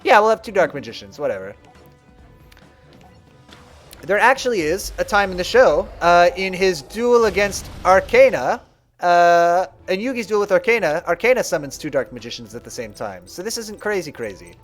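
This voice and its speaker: Chatty male streamer, casual play-by-play, high lively voice. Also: normal speed, faint music behind. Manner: chatty, explains as he plays. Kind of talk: casual live game commentary.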